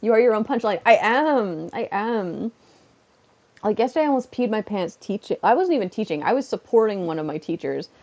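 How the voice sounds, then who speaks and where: A woman's voice: mid-range voice, expressive, a little fast, dark tone, dull audio. A woman chatting casually on a home stream, giggling at her own jokes. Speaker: live streamer and teacher.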